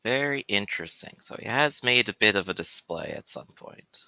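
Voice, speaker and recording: A man in a tabletop game who chats casually and describes what his character does. His voice is bright and lively, though it sits fairly low, and it sounds dry. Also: normal speed, gravelly, dry recording. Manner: chatty, narrates his character's actions. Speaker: player. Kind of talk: tabletop role-play chat.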